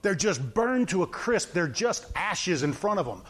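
A man's voice: high voice, very animated, unhurried, background noise. A middle-aged man preaching an informal sermon, telling stories with gusto, acting out the characters and laughing at them.

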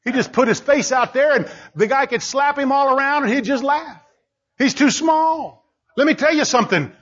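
A man preaching a sermon, driving his points home with repetition and bursts of shouting. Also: extremely high pitch, normal speed. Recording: dull lo-fi recording.

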